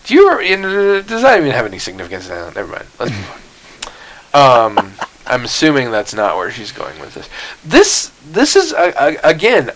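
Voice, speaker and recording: A man's voice: on the low side, a bit bright, poor audio. A man hosting a casual podcast, rambling and sarcastic, swearing freely and laughing at his own jokes. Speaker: podcast host.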